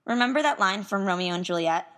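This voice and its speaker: Young woman, student, scripted letter narration, earnest and wistful, tense bright tone. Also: mid-range voice, animated, quick pace.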